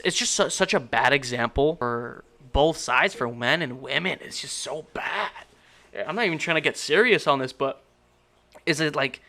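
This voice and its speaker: A man's voice: mid-range voice, bright, forceful tone, smooth. A man giving a casual, exasperated movie critique, rambling and incredulous with many restarts. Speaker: movie reviewer.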